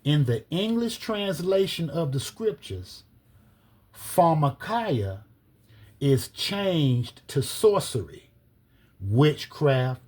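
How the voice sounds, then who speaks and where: A man giving a slow, deliberate scripture-based teaching, reading verses aloud and spelling out words letter by letter. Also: fairly high pitch, very animated, a little mellow, breathy edge. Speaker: religious teacher.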